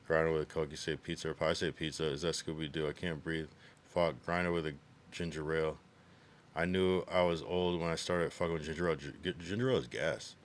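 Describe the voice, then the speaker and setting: With a very deep, level voice and a fast delivery, a young livestreamer from the U.S. East Coast talks casually with his chat, cursing freely as he goes.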